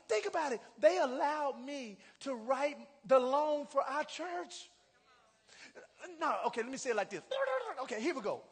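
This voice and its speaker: A man pastor preaching a sermon in a church, leading call-and-response and rising to shouts. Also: very high-pitched. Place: church sanctuary. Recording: long hall reverb.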